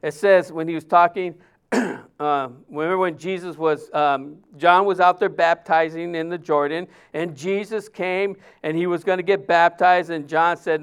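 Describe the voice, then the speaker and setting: A male pastor, preaching in a conversational way, with many fillers and restarts, dropping his voice softly when he quotes others. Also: on the high side, steady tone, measured pace, smooth. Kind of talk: sermon.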